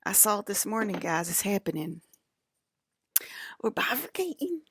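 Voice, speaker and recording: A woman's voice: mid-range voice, fairly even intonation, brisk, breathy edge, dry recording, clean studio sound. A woman talking straight to her viewers in a loose, rambling monologue, swearing freely and laughing often. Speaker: vlogger.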